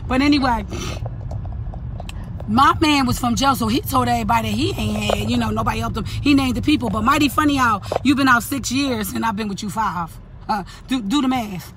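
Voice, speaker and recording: A woman, stuffy from an allergy cold, telling a profane, animated storytime rant in her daily vlog segment, cussing and laughing at her own story. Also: a little high, noisy background. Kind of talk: profane, ranting storytime monologue.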